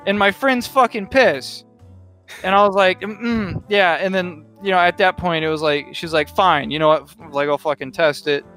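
A young man co-hosting a podcast tells rambling stories in casual chat, swearing and laughing a lot. His voice is high and sharp at normal speed, with soft music in the background.

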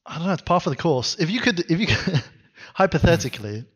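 A man's voice: on the high side, big pitch swings, quick pace, a bit bright, slightly rough. A man co-hosting a podcast in casual chat, speaking in a dry, matter-of-fact way. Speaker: podcast co-host.

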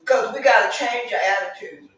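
A middle-aged woman teaching Sunday school with a bright, ringing voice, preaching with fervour and slipping into chatty stories. She swings up to emphatic shouts. She is picked up from far off in a very echoey church. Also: a little high, moderate pace. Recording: echoey room, mic far off.

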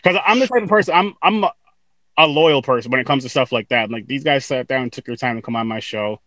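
A podcast host chats casually with his guests in an interview, laughing often and repeating words as he goes. His voice is medium-pitched and a bit bright, he talks fast, and there's no room sound.

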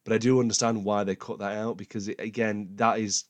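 A man's voice: fairly low pitch, level tone, fairly quick, no room sound. A young man hosting a podcast, chatting casually about films in a rambling way, with lots of restarts. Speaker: podcast host. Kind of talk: casual film discussion.

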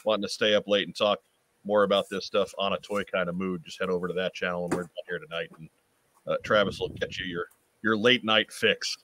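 A man hosting a casual live chat show, relaxed and steering the talk between guests. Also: deep voice, a little fast, a little hiss or hum. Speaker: podcast host.

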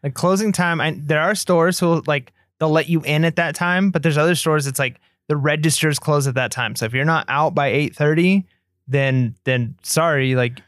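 A man cutting into a friend's story with dry, teasing doubts. His voice sits a little high and sounds close and dry on the mic. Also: moderate pace, fairly bright tone, no room sound. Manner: teasing, drily skeptical interjections. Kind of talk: casual chat.

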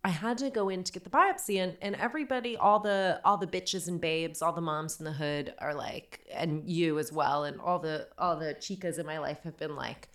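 A woman's voice: low-pitched, brisk, hardly any pauses, fairly bright tone. A woman of forty, a podcast co-host, telling a personal story in a wry, self-deprecating casual chat. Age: 40s.

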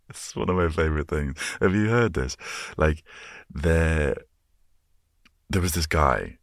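Slow and expressive with frequent pauses, a bass-voiced Englishman in his twenties hosts a casual solo podcast. He rambles, muses, and gets amused by his own tangents, recorded dry with clean studio quality.

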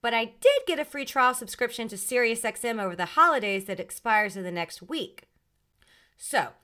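A woman's voice: mid-range voice, sharp tone. A woman hosting a solo podcast, outspoken and sassy. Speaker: podcast host.

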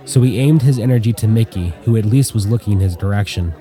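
A man narrating an audiobook in an even, measured way. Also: lowish voice, faint music behind, some chatter behind.

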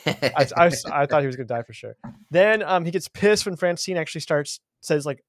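A man talking casually on a podcast, animated and mocking as he retells scenes. His voice sits a little high and sounds dry and close to the mic. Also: a little fast, dry recording. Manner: animated, mocking impressions of characters. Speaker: guest podcaster.

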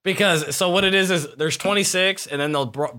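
A man's voice: high-pitched, fairly quick, pushed and bright. A man co-hosting a podcast in casual chat, blunt and swearing freely. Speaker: podcast co-host.

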